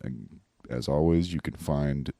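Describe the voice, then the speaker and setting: A man's voice: extremely low pitch, measured pace, gravelly, mellow, dry recording, studio quality. A man, a comedian hosting a podcast, giving a rambling, loose wrap-up full of fillers. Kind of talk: casual show wrap-up.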